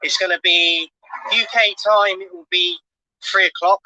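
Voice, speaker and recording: A man's voice: high-pitched, steady tone, a little slow, bright, forceful tone, no room sound, low-quality recording. An English man co-hosting, plugging tomorrow's show in an upbeat, rambling way. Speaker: co-host. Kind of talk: show promo.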